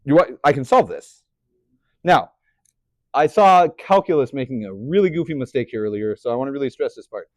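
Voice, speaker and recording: A man's voice: mid-range voice, big pitch swings, brisk, a little mellow, no room sound, clean studio sound. A young man teaching a math class, chatty, often putting questions to the students. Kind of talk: classroom lecture.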